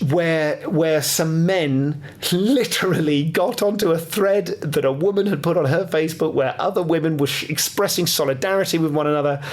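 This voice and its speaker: A man hosting a podcast, talking in an earnest, impassioned and self-deprecating solo monologue with frequent swearing. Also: a little high. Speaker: podcast host.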